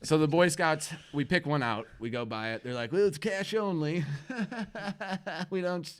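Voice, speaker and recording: A man's voice: a little high, expressive, a little slow. A man hosting a live internet show, telling a rambling, profane, self-mocking story. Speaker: host.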